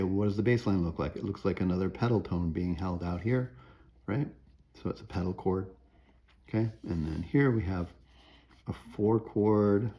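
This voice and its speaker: A low-pitched, mellow male voice delivers a recorded music theory lecture. He thinks aloud while working through an example, keeps checking in with "right?", and now and then sings a tune in nonsense syllables.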